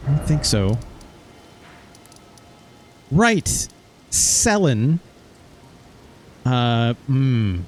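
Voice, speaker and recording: A man's voice: mid-range voice, very animated, extremely slow, long pauses. Rambling, casual gamer guy. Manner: rambling, swears casually, recaps with quoted asides. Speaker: gaming video host. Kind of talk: casual let's-play commentary.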